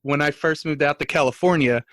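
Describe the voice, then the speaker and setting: Man, casual podcast guest, fairly high voice, lively anecdotes, dry close sound. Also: fairly quick, no echo. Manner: animated storytelling, acts out quotes in a raised voice. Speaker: guest co-host.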